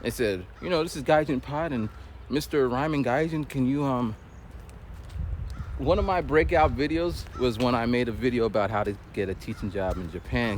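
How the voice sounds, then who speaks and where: A man chatting casually as he walks outdoors, telling a rambling, animated story full of quoted dialogue. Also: mid-range voice. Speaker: vlogger. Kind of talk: casual storytelling while walking. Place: outdoors on a street. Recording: faint street noise outdoors. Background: faint traffic noise.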